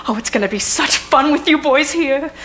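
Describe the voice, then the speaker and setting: A woman playing an excitable childlike daughter. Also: high-pitched, moderate pace, slight background noise. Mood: excited. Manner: eager and breathless with excitement. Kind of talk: community theater stage acting. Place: theater stage.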